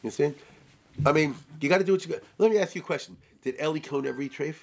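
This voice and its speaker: A man teaching an informal, joking Torah class, animated and often asking his listeners rhetorical questions. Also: a little high, very fast.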